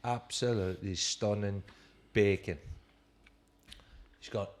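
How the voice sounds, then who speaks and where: A man, a former footballer and co-host, telling anecdotes in a casual chat with lively quoting and laughter. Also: medium pitch, normal speed.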